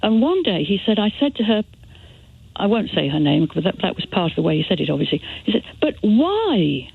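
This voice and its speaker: A woman's voice: on the low side, animated, quick pace, gravelly, slightly rough. A woman calling a radio show, telling rambling anecdotes. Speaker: caller. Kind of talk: phone-in call chat. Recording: tinny phone line.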